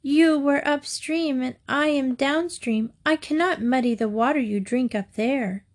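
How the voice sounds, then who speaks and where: A woman's voice: high-pitched, measured pace, pitched above the performer's own voice. A woman voicing a meek young female lamb in a storybook fable, speaking timidly and pleadingly.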